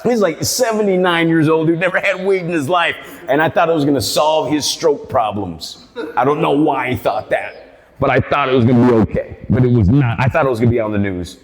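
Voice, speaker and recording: This brisk, slightly high-voiced man performs stand-up at a barbershop comedy show, telling a rambling story full of swearing. A live room's long reverb surrounds him.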